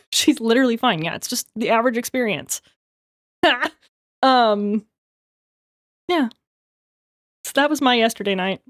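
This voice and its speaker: A young adult woman livestreamer in rambling, casual chat, quick to laugh. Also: a little high, no echo, clean studio sound.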